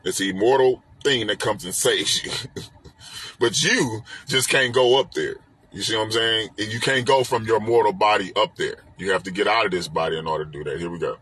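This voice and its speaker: A man's voice: fairly low pitch, a little fast, fairly bright tone, a little hiss or hum. A man hosting a live stream, explaining a spiritual text in an emphatic, repetitive, preaching way with rhetorical questions. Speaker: host and teacher. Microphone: phone or webcam on a live stream.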